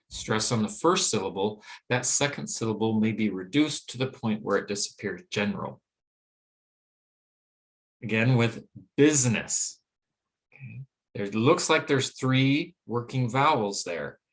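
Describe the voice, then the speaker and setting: A man teaching English pronunciation in a recorded lesson, explaining clearly and saying example words slowly and deliberately. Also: mid-range voice, a bit bright.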